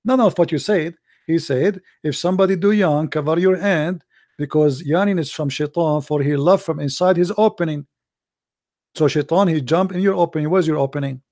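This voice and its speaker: A man's voice: fairly high pitch, moderate pace, darkish tone, no echo, studio quality. A man hosting a religious debate call, talking in a sarcastic, mocking way and pressing his questions. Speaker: host of a debate call-in show.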